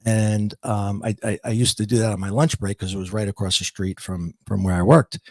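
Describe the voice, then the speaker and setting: Gravelly middle-aged man telling his story. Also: fairly low pitch, steady tone, a little mellow, no room sound. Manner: halting, with frequent restarts and repeated words. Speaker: podcast guest. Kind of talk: reflective personal storytelling.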